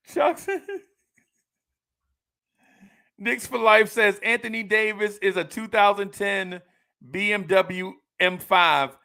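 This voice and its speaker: A man's voice: high-pitched, drawn-out words, creaky, pauses often, sharp tone. A man from Jersey City with a New Jersey accent, hosting a casual podcast, slangy and playful, laughing often and repeating himself. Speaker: podcast host reading listener comments. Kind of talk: casual live podcast chat.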